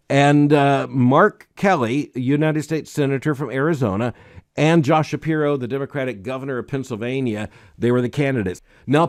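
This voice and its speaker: A man's voice: mid-range voice, a little mellow. A man hosting a daily news analysis show, giving emphatic, wry commentary with small hesitations and reading quotations aloud.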